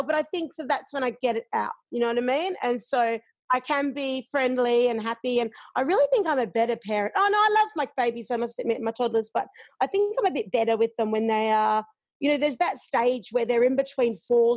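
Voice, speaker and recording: A woman's voice: sits high, no echo. A woman in casual, candid chat, swearing freely and laughing often.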